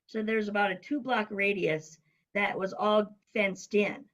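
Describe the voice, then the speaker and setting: Middle-aged woman, interview guest, animated anecdote teller, voices other people when she quotes them. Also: medium pitch, measured pace, low-quality recording. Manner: lively storyteller who acts out quoted voices. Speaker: guest, business coach. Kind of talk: casual storytelling interview.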